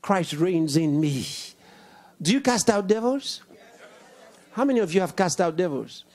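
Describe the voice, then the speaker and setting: A male pastor with a high, animated voice preaches a sermon, swinging between loud rhetorical questions and hushed whispers and repeating key lines with slow, deliberate emphasis. The congregation can be heard answering and laughing.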